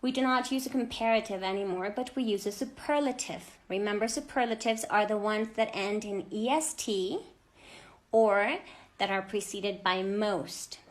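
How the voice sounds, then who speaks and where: A woman teaching an English grammar lesson to children, speaking clearly and deliberately and stressing each example word. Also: mid-range voice.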